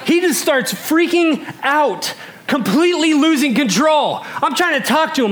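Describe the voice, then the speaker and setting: A man in his thirties from Alaska, telling a comic story to a live audience, animated and laughing as he talks, swinging between loud bursts and hushed asides. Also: very high voice, measured pace.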